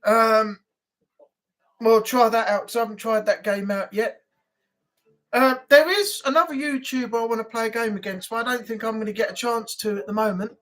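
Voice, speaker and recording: A man's voice: very high voice, steady tone, normal speed, fairly bright tone. A man hosting a casual live-stream chat, talking in a rambling, easygoing way with frequent laughs.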